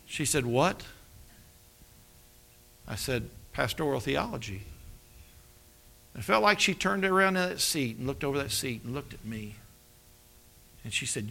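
Gravelly, bright-voiced preacher man. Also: medium pitch, very animated, unhurried, pauses often. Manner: storytelling, acts out dialogue with dramatic drops to a hush. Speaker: pastor. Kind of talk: sermon with personal testimony.

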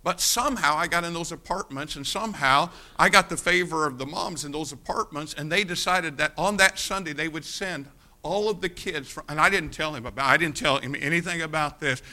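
A preacher from the United States tells a lively story in a sermon. His voice sits a little high and has a very bright, sharp edge. He keeps turning to address the congregation directly. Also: brisk.

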